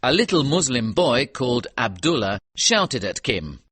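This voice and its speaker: Lively, bright British male narrator. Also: mid-range voice, measured pace, hardly any pauses, dry recording. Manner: clear, even storytelling pace. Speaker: audiobook narrator. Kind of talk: scripted audiobook narration for learners.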